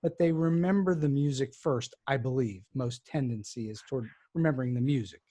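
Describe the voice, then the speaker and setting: A man's voice: mid-range voice, a little fast, warm tone. A man hosting a podcast interview, thoughtful and affirming as he asks questions and shares his views. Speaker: podcast host. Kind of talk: conversational interview.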